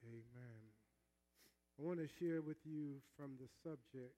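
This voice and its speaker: A man preaching a sermon, calling on the congregation to repeat after him, moving between chatty asides and shouted peaks. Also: mid-range voice, a little slow, rough recording. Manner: call-and-response preaching, calls on the congregation to repeat; swings between conversational asides and shouted climaxes. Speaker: pastor.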